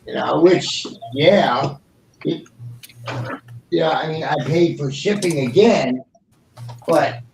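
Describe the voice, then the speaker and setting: A man's voice: on the high side, slow pace, vocal fry, long pauses. Guy rambling on in a casual panel chat, kinda fed up, roomy echo with noise behind. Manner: rambling, exasperated storytelling.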